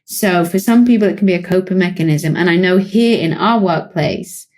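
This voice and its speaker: A British woman with a British accent, a psychologist co-hosting a podcast, explaining calmly in relaxed conversation with light laughs. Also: lowish voice, normal speed. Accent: British English. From Britain. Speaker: psychologist co-host.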